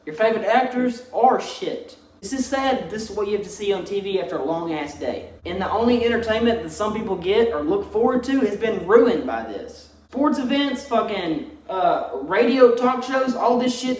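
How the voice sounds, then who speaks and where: A man's voice: high voice, expressive, moderate pace, darkish tone. Profane man ranting in an echoey room. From Texas. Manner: blunt, heavy swearing, mocking. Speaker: vlogger. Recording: roomy echo, distant mic.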